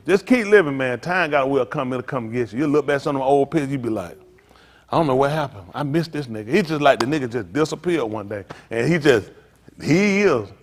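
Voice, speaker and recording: Brief: older male pastor, joking storyteller, high-ish and very animated, long reverb. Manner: animated, teasing, loose and joking. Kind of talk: comedic storytelling to a group.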